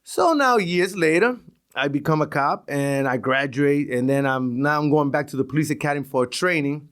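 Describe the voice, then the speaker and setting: Animated New York man telling stories. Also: a little high, moderate pace. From East New York, Brooklyn. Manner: animated, acts out voices in his stories, swears. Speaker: podcast guest. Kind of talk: casual storytelling.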